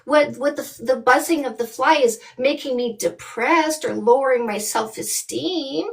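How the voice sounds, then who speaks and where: Blunt, mocking high-voiced woman. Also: measured pace, gravelly. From Canada. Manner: scolding, with many rhetorical questions. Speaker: dating coach. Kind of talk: livestream rant.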